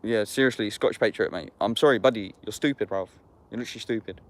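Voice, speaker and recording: A man's voice: on the low side, fast talker. A man of about thirty, vlogging casually outdoors in the woods, reading scripture aloud and reflecting on it in slangy, sweary street talk. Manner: slangy street talk, swears often, calls the listener "bruv". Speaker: YouTuber.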